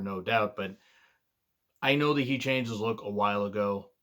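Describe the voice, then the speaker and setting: A man's voice: mid-range voice, a bit bright. Blunt, swearing man ranting about wrestling. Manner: digressive, many fillers. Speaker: wrestling show reviewer. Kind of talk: casual opinionated review monologue.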